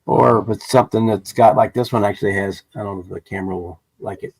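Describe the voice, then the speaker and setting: Low gravelly male hobbyist, practical step-by-step explainer, dry mic. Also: fairly even intonation, fast talker, a little mellow, dry recording, poor audio. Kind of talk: casual explaining.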